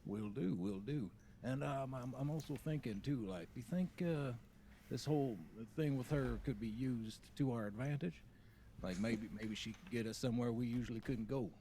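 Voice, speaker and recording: A man playing a tabletop game who talks in a hesitant, halting way. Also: mid-range voice, mellow, slight background noise. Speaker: player.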